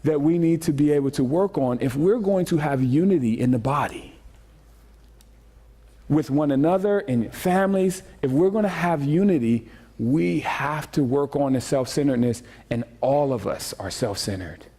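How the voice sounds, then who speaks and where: A man preaching a sermon as pastor, joking and animated, repeating phrases as he speaks to the congregation. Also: on the high side, moderate pace. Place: church sanctuary.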